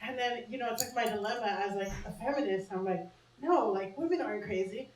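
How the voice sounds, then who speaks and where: Brash high-voiced woman doing stand-up. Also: fast talker, recorded from a distance. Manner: brash, conversational, laughs at her own jokes. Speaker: stand-up comedian. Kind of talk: stand-up set. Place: small comedy bar stage. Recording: echoey bar room with laughing crowd. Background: audience laughter.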